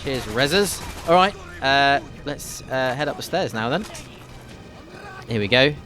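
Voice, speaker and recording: Brief: male host, casual jokey game commentary with history, animated intonation. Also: medium pitch, measured pace. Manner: chatty and jokey, with dry asides. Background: game gunfire and faint music.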